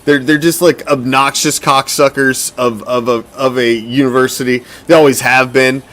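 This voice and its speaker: A man's voice: mid-range voice, fairly even intonation, moderate pace, a bit bright. A middle-aged man hosting a fan sports podcast, ranting heatedly and swearing constantly. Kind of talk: profane sports rant.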